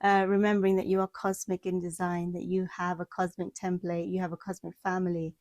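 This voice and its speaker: Low, flat-voiced woman giving a spiritual update. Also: fairly quick, no room sound. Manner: flowing, repetitive lists of affirmations. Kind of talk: spiritual monthly energy forecast. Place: outdoors in the mountains.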